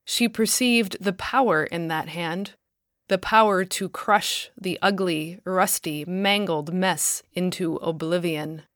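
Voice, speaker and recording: A woman author narrates her own story in a slow, measured voice. Her delivery is careful and even, with a close, dry sound and no room around it. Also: fairly low pitch, no room sound. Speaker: author and podcast host. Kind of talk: scripted narration.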